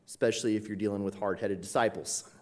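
A man with a somewhat low voice delivers an expository sermon. He talks casually through the text, with frequent filler sounds and quick "right?" check-ins to the congregation. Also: steady tone. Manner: conversational, frequent "uh" and "right?" tag questions. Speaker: pastor. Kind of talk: expository Bible teaching.

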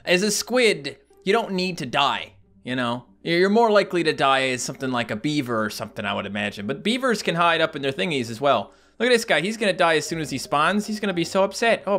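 Young male gaming host, lively swooping delivery, bright voice, casual let's-play chat. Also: a little high. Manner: animated, yelps and laughs at sudden attacks. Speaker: gaming YouTuber.

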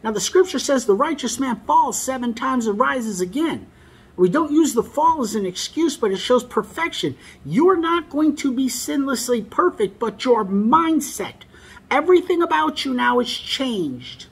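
A man delivers a sermon in a husky, breathy voice. He reads scripture aloud and presses his points emphatically, repeating the lines that matter most. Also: very high voice, sing-song, normal speed. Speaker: preacher.

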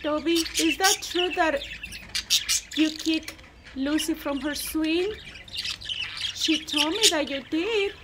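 A woman's voice: high voice, slow, pauses often, very noisy. A woman talking to her pet budgies in an outdoor aviary in a cooing, doting baby-talk voice. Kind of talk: casual chat with pets. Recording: loud bird chatter over the voice. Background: loud budgie chirping and squawking.

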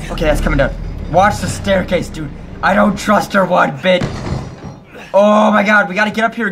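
A young man with a fairly high voice commentates casually on a horror game. He is jumpy and nervous, swears freely, and laughs between scares. Faint game ambience sits under his talk. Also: fairly bright tone, slight background noise. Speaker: let's play host.

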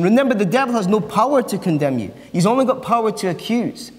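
A man's voice: sits high, very animated, quick pace, hardly any pauses. A man preaching a sermon as pastor, earnest and repeating phrases for emphasis. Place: church. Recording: long church reverb.

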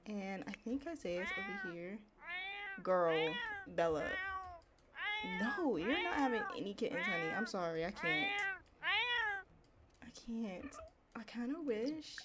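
A woman hosting a Let's Play, chatting excitably to viewers in casual gameplay commentary. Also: medium pitch, measured pace, long pauses, heavy background noise.

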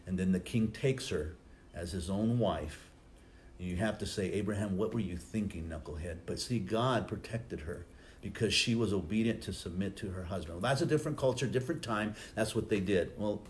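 A low-voiced male pastor delivers a sermon from the pulpit. He talks in a loose, storytelling way, getting loud on a point and then dropping soft. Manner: conversational, anecdotal, shifts loud and soft. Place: church sanctuary.

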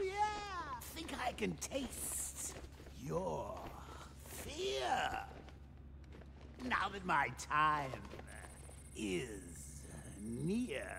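A cackling, manic clown villain. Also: male voice, high voice, creaky, bright, forceful tone, big-room sound, a little hiss or hum, full character voice. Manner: sings a taunting song, cackling between lines. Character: manic murderous male clown villain, gleeful. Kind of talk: video game song performance.

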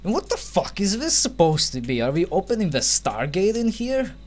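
A man's voice: high-pitched, sing-song, moderate pace, a little mellow. A man giving sarcastic, swearing commentary while playing a game. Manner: sarcastic, swearing, mocking the game's text. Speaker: let's play commentator. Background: faint game music.

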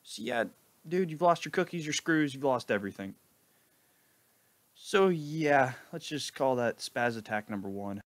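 A man giving mocking, deadpan sarcastic commentary over a video. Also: medium pitch, a little slow, background noise. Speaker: video reactor.

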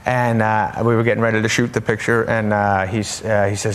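A man's voice: fairly low pitch, a little fast, smooth. A man on a talk show telling comic anecdotes, laughing and stumbling over restarts as he goes. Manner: animated, laughing through stories, stammering restarts.

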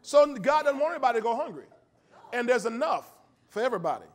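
A pastor preaching a sermon in church, folksy and lively, swinging from loud emphasis to low storytelling and laughing often. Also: male voice, quick pace. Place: church sanctuary.

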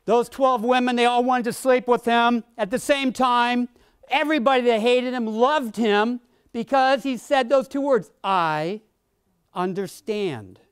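A woman's voice: on the high side, fairly even intonation, moderate pace, clean tone, no room sound, studio quality. A woman leading a workshop lecture, explaining ideas with playful, jokey examples and questions to the class. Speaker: workshop instructor.

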